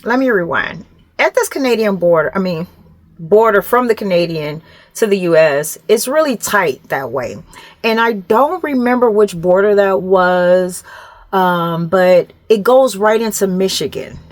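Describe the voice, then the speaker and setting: A middle-aged woman vlogger telling a story to camera in a casual, animated way, acting out the other people's voices. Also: medium pitch, a little slow, no echo.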